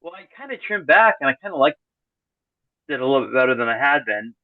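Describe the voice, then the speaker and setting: Over tinny call audio with no echo, a middle-aged man rambles through a casual podcast interview, frequently restarting his sentences. He talks fast at medium pitch and keeps the humor deadpan and sarcastic.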